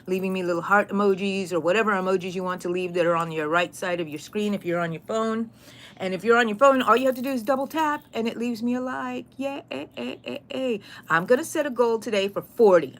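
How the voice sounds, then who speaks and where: A woman's voice: mid-range voice, quick pace, fairly bright tone. A middle-aged woman, chatting casually on a crochet livestream from her craft room and greeting viewers by name. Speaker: crochet channel host.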